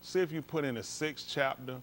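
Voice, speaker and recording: A man's voice: a little high, a little fast, a bit bright, a little hiss or hum. A male pastor leads an informal Bible study, comparing translations and coaxing someone along with repeated "come on.".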